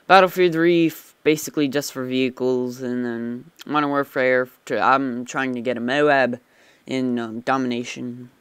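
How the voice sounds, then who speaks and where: A let's play gamer gives rambling, chatty commentary as he plays, startling easily. His medium-pitched voice is flat, fairly bright and smooth at a normal speed, recorded with no echo.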